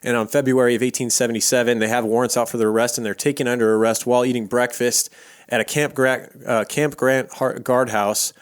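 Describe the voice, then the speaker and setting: A man in the middle of a voice, telling a true crime story on a podcast. He talks in a loose, easygoing way, leaning on fillers and casual swearing. His tone stays conversational and unhurried. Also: mid-range voice, level tone, clean tone. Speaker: podcast co-host.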